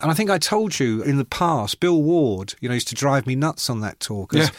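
A man's voice: mid-range voice, lively intonation, normal speed, no echo. A middle-aged man, telling rock anecdotes in casual chat with dry self-mockery. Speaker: podcast co-host, rock writer.

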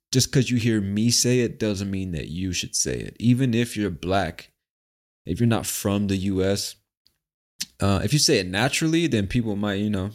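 A man from the United States talking casually and profanely as host of a podcast monologue. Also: fairly low pitch. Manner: relaxed, profane, conversational.

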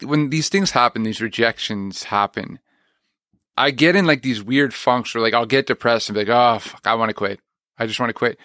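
A man's voice: mid-range voice, fairly bright tone, no echo, clean studio sound. A man, an actor and music teacher, talking candidly and rambling in a casual interview. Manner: candid, rambling, self-deprecating.

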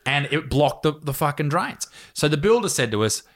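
A man's voice: on the high side, sing-song, moderate pace, fairly bright tone. A man, telling a story in casual chat, swearing freely and laughing often.

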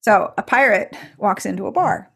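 A woman podcast host in casual group chat, setting up and delivering a deliberately bad joke with self-deprecating humor. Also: mid-range voice, gravelly, husky.

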